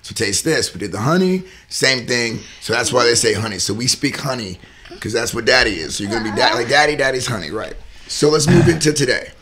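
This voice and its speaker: A man hosting a talk show and telling a lively story about his children, acting out each person and growing loud as it builds. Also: mid-range voice, a little fast, crowd noise. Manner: animated, acts out each person in the story and rises to near-shouting. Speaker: show host and father.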